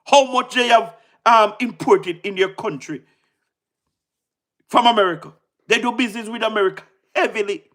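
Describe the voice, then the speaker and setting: A man with a Jamaican accent doing casual livestream commentary, excitable, repeating himself and firing rhetorical questions with frequent laughs. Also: high-pitched, moderate pace, pauses often.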